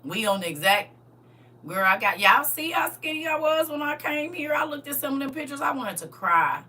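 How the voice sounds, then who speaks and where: Emphatic woman with a bright voice. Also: high voice, very animated, moderate pace. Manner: emphatic, preachy, talks straight to viewers. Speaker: livestream host. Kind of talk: casual livestream talk.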